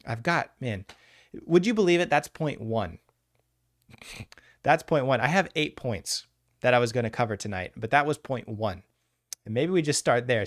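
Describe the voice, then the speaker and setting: A man at a mid pitch teaches a live hypnosis class in a loose, blunt way, swearing now and then and calling on viewers by name. The sound is close and dry, with no room echo. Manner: animated, blunt and profane, answers chat by name. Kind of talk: casual livestream lecture.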